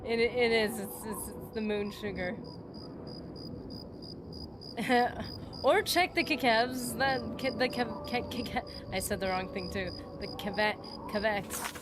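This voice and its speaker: Taking it slowly in a somewhat high voice, a woman plays a game on stream. She offers casual, giggly commentary, laughing and chatting with her viewers and talking directly to chat.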